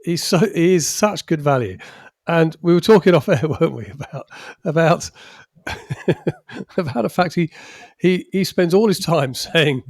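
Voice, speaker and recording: A man's voice: on the high side, expressive, measured pace, no room sound, studio quality. A man co-hosting a football podcast in casual chat, chatty and often laughing through his sentences. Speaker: podcast co-host.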